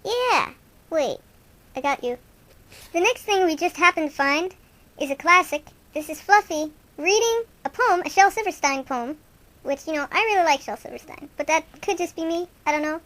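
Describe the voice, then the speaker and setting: A woman's voice: very high-pitched, lively intonation, normal speed, fairly bright tone. A woman hosting an improvised comic radio show, playing two goofy young male rock-fan buddies in rambling, self-mocking banter.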